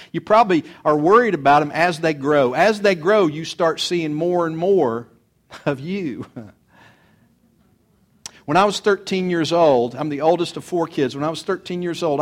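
A middle-aged male pastor with a slightly high voice preaches an earnest sermon, swinging between loud urging and soft confiding.

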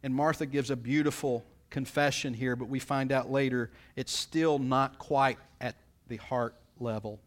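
A man's voice: steady tone, unhurried, few pauses. A man preaching a sermon in a folksy, conversational way, often acting out what people say. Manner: folksy, conversational, acts out quotes with swings in pitch and loudness. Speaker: pastor.

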